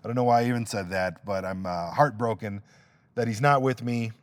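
A man's voice: fairly low pitch, a little fast. Rambling, jokey middle-aged male podcaster. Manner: rambling, self-deprecating, jokey. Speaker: podcast host. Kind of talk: casual solo podcast monologue.

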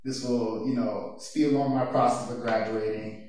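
A man's voice: mid-range voice, fairly even intonation, normal speed, a little mellow. A young man in college giving a casual, chatty youth sermon, telling personal stories and laughing now and then. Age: young adult. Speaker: youth speaker. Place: church youth room. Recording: echoey room from far off, faint noise.

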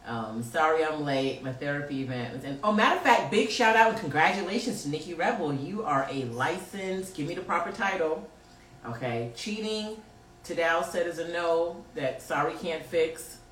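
A woman's voice: sits low, animated, normal speed, fairly bright tone. A woman hosting a podcast and reading out live chat comments, laughing and teasing in loose slang. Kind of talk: casual chat. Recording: roomy echo, distant mic, faint noise.

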